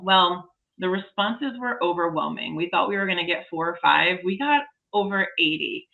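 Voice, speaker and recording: A woman's voice: lowish voice, normal speed, vocal fry, few pauses, pushed and bright, highs cut off. A woman in her forties, a podcast guest, telling a story in casual, enthusiastic chat.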